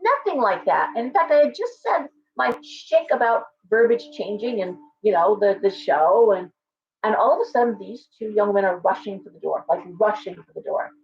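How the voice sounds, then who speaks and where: A chatty middle-aged woman who owns a shop hosts a casual livestream. Her mid-range voice is expressive, at normal speed, with vocal fry, and the recording sounds muffled. She digresses freely and talks back to viewer comments.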